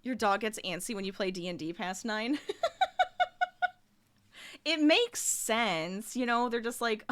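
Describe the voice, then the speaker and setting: A woman's voice: fairly high pitch, a little slow, pauses often, a bit bright, no echo. A young adult woman streamer chatting casually and laughing often while she crochets at her desk at home. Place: home room.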